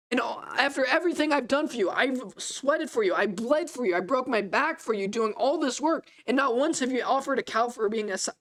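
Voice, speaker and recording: A preacher acting out a furious, resentful older brother who yells accusations at his father. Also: medium pitch, voice pushed up, lightly acted. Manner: yelling, accusing.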